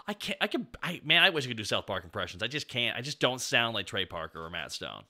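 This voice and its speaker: A man's voice: medium pitch, big pitch swings, fast, bright, forceful tone. A man streaming, chatting casually and laid-back with his viewers, swearing freely.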